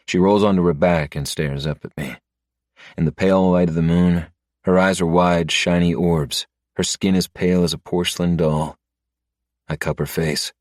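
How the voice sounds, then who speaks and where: A man narrating a first-person story in a low, steady manner. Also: moderate pace, dry recording, studio quality. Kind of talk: scripted narration.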